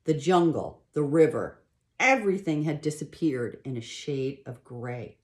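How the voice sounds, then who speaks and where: A woman reading a children's novel aloud at home in a plain, unpolished way, stopping now and then to correct herself or add a quick aside. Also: low voice, animated, a little mellow. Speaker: storybook reader.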